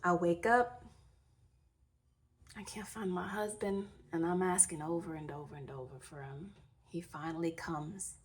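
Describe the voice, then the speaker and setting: A vlogger in her thirties shares her story in a storytime video, speaking unhurriedly in a steady, lowish voice. She is candid, emotional and blunt, with some mild swearing.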